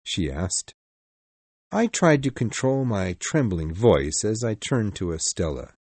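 Expressive male storybook narrator. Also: fairly low pitch, breathy edge, no room sound. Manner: expressive, measured. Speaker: audiobook narrator. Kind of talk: scripted first-person storybook narration.

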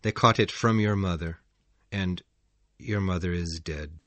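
A performer voicing a grief-stricken aged father who speaks in a heavy, faltering, very low voice. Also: measured pace, a bit bright, no room sound. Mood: grieving.

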